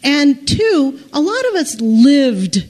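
High-voiced woman telling a personal story. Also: sing-song, darkish tone. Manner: halting, with frequent restarts and nervous laughs.

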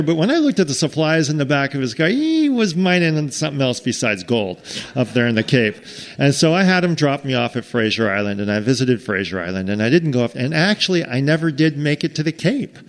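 A man with an American accent telling a casual travel story, rambling with restarts and acting out what people said. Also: on the high side. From United States. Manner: animated, rambling with restarts, acts out quotes.

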